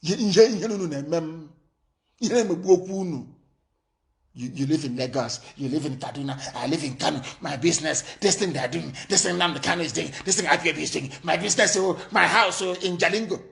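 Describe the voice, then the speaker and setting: A man's voice: fairly high pitch, quick pace, gravelly, fairly bright tone. A man giving an impassioned, defiant political broadcast full of warnings and threats.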